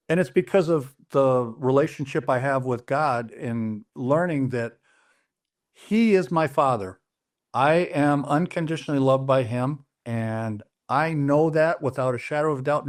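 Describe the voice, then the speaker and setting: A man's voice: medium pitch, a little slow. A middle-aged man telling his personal story in an interview, earnest and plain-spoken, often restarting his sentences as he retells conversations. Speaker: interview guest.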